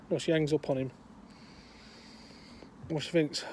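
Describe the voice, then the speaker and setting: A man's voice: a little high, measured pace, long pauses, darkish tone, slight background noise. An older man with a chatty, meandering manner, telling a long joke outdoors. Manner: meandering, chatty, many fillers. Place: outdoors, windy.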